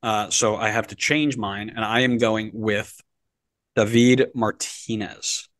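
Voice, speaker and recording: A man's voice: fairly low pitch, fairly even intonation, slow, a bit bright, no room sound. Playful man hosting a sports podcast. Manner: playful, prompting his co-host, jokey. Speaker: podcast host. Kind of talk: casual sports podcast chat.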